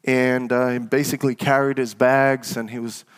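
A man preaching a sermon as pastor, telling stories and calling on the congregation for an amen, at times rising into loud, fervent exhortation. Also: little pitch movement, moderate pace, clean tone. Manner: fervent preacher with call-and-response; rises to loud, high exhortation.

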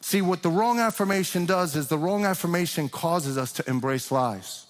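Preaching a sermon to a big congregation, a pastor with a slightly high voice presses hard on every point, his urgent questions rising with emphasis. He speaks at a normal speed, and the large church hall adds a long reverb.

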